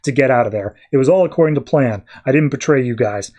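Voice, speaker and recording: A man voicing a ruthless male mercenary in a low, curt, dismissive way. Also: quick pace, darkish tone, close to an everyday voice. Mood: gruff.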